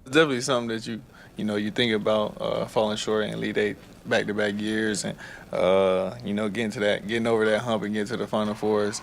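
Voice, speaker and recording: A man's voice: fairly low pitch, fast, creaky, slight background noise. A young man who plays college basketball answers interview questions with lots of fillers. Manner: flat, filler-heavy. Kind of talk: interview soundbite.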